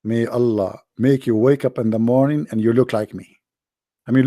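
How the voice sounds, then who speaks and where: A man's voice: medium pitch, normal speed, mellow, no echo, studio quality. A man with joking and rambling in a teasing voice chat. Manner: teasing, rambling, non-native phrasing. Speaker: chat room speaker.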